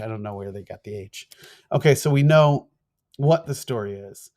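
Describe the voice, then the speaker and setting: Man, new york accent, middle-aged, fast-talking course instructor, animated. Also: mid-range voice. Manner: fast-talking, animated, acts out quoted emails. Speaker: PR trainer, former TV producer. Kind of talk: online course lecture.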